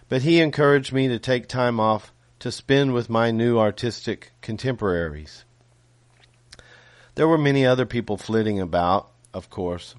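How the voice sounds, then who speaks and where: A man reading his own novel aloud in a measured way, with small self-corrections and casual asides. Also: fairly low pitch, no echo.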